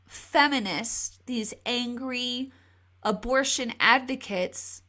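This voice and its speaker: Bright, emphatic woman commentator. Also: slow pace. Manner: emphatic, repeats words and restarts often. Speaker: political commentary host. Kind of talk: live video commentary. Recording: re-downloaded lower-quality video.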